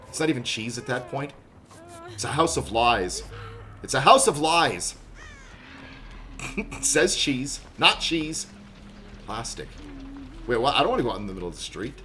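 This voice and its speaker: A man's voice: medium pitch, a bit bright, a little hiss or hum. A man doing live gameplay commentary, joking and chatting with viewers in rambling asides. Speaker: game streamer.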